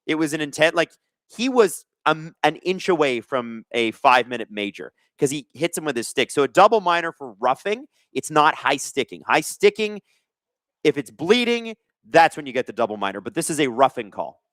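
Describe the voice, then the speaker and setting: Man, live hockey stream host, lively swooping voice, slightly high, dry close sound, reads chat, excitable. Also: moderate pace, no room sound. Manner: animated, reads chat aloud, excitable during plays. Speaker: streamer hosting a live hockey watch-along. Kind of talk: live play-by-play and chat reading.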